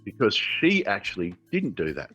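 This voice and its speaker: A man's voice: on the low side, huge pitch swings, normal speed, sharp tone, slightly rough, muffled recording, soft background music. A man in his forties with an Australian accent, telling his own story as an interview guest, earnest and emotional, often restarting his sentences. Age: 40s. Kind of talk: candid personal storytelling.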